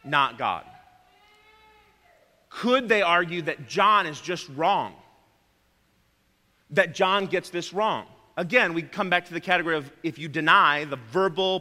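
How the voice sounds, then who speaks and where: A man's voice: fairly high pitch, sharp tone, big-room sound. A man preaching a sermon, emphatic, repeating his key phrases and calling his listeners friends.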